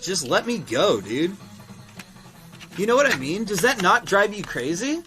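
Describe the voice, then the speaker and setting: Rambling, animated shop owner on stream. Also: male voice, high voice, measured pace, over music. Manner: rambling and animated, heavy fillers, swears freely. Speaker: game and toy shop owner streaming live. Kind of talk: casual livestream chat, reading viewer comments.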